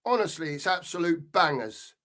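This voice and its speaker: A middle-aged man hosts a live football show, venting in an angry, sweary rant that circles back on itself. His voice sits a little high for a man. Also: expressive, normal speed, fairly bright tone. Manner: angry, sweary, repeats himself. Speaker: podcast host.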